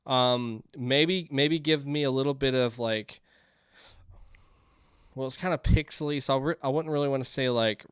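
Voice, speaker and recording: A man playing indie games and thinking aloud, chatty and quick to get excited. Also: medium pitch, clear, resonant tone, dry recording, studio quality. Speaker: gaming YouTuber. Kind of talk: let's play commentary.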